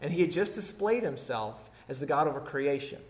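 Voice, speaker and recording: A man delivering a sermon with a slightly high voice. He drops to hushed, quiet phrases and then rises into loud, emphatic statements. His delivery is passionate and deliberate. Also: expressive. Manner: preaching with swings from hushed to forceful. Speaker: pastor.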